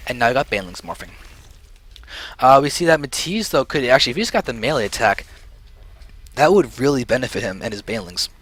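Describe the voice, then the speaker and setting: Excitable young man casting a game. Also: medium pitch. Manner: excitable, rushes then slows down, lightheaded and short of breath. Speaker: esports caster. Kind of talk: solo game commentary.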